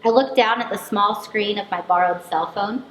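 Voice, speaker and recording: A woman's voice: mid-range voice, moderate pace, a bit bright. Woman narrating an introspective memoir. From United States. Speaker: performer. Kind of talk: autobiographical spoken performance. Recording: echoey room recording, faint hiss.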